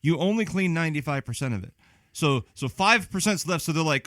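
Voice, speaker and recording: A man joining a casual podcast chat as a studio guest, making deadpan jokes. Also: a little high, quick pace, no room sound.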